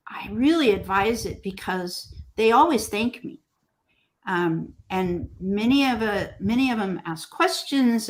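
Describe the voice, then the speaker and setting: A woman mosaic artist being interviewed, telling stories gently and acting out what people say. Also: medium pitch. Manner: slow, gentle storytelling with lively quoted voices. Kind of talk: casual interview conversation.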